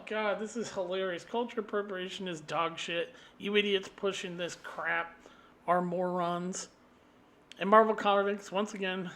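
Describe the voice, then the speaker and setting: A man delivering an angry, profane solo rant, combative and swinging into loud outbursts. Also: sits high. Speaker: vlogger.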